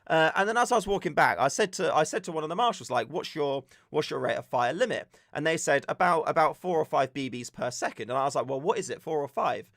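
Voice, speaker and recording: A young man from the UK chatting on a live stream, telling stories with animated back-and-forth retellings. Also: fairly high pitch, gravelly, dry recording, clean studio sound. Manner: animated storytelling, acts out shouted exchanges. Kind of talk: casual live-stream chat.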